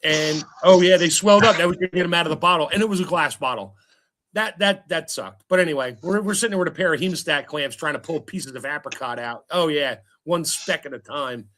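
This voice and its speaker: A man on a casual panel tells joking stories in a blunt, offhand way. His voice sits a little high for a man. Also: fairly quick, a bit bright.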